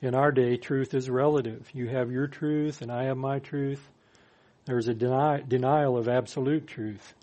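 A man's voice: medium pitch, a little mellow. Man preaching a verse-by-verse sermon. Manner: reads verses then explains with dry humor. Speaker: pastor. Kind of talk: expository sermon on scripture.

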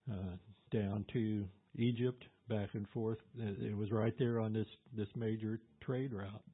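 Male pastor, husky voice, easygoing verse-by-verse Bible teacher; phone-thin tinny audio. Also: medium pitch. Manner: conversational, with fillers and asides.

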